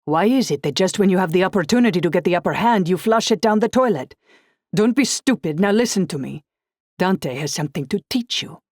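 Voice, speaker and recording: A woman's voice: mid-range voice, expressive, normal speed, dark tone, dry recording, clean studio sound, voice pushed up, natural voice. A woman voicing a pushy, controlling young man in an audiobook, talking down insistently. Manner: insistent, condescending. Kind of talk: audiobook dialogue.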